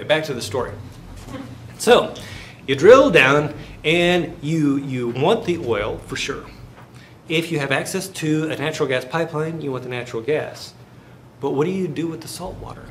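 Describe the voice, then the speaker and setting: A man with a mid-range voice lectures a finance class in a chatty way, telling anecdotes and quizzing the students with questions. There's a little hiss or hum in the audio.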